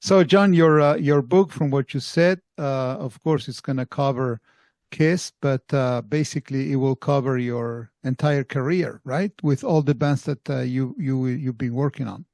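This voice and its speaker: A man's voice: mid-range voice, moderate pace, a little mellow, no room sound. A man hosting a podcast, asking interview questions in a hesitant way with many restarts, over a video call. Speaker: podcast host.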